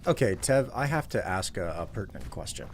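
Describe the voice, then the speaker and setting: A man's voice: fairly low pitch, brisk, slight background noise. A man hosting a livestream, chatting casually while playing and often restarting his sentences. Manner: animated, stumbles into restarts. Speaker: streamer host. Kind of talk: casual chat while gaming.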